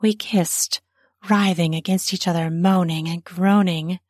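Woman, slow soft erotic story narration, breathy, dry close recording. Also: fairly low pitch, no echo. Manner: soft, unhurried, breathy, drops into whispers.

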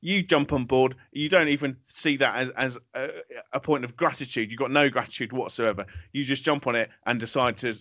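A man's voice: medium pitch, fairly quick, fairly bright tone, dry recording. A man co-hosting a comedy podcast, ranting in an exasperated, sweary way. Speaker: podcast co-host. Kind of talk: casual comedy podcast banter.

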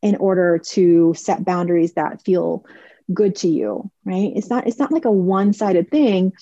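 A woman's voice: fairly low pitch, measured pace, dark tone, no room sound, muffled recording. A woman in her forties hosting a podcast, chatting casually and telling stories while acting out other people's lines. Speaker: podcast host. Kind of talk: casual advice talk.

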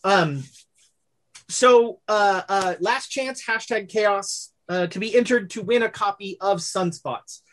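A woman's voice: medium pitch, slow. A woman narrating as game master of a tabletop game, rambling with fillers and corrections.

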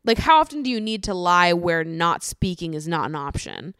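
A woman hosting a solo podcast, chatting casually with lots of swearing, laughter and animated ranting. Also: on the low side, moderate pace, clear, resonant tone, no echo, clean studio sound. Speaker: podcast host.

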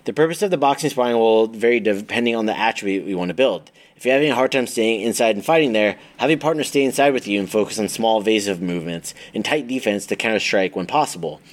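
A Muay Thai coach reads aloud from his own training book, steadily going through drills one by one and stumbling now and then. His voice is lowish and quick, with hardly any pauses.

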